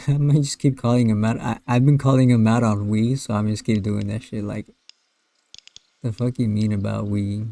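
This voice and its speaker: A male streamer reacts to game chat logs with blunt, crude swearing and the odd Spanish aside. His voice is low and flat, with a dark, mellow tone. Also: normal speed, gravelly, no echo.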